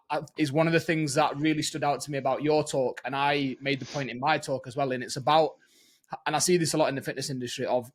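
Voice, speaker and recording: A man hosting a podcast, telling candid anecdotes and swearing casually. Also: on the high side. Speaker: podcast host.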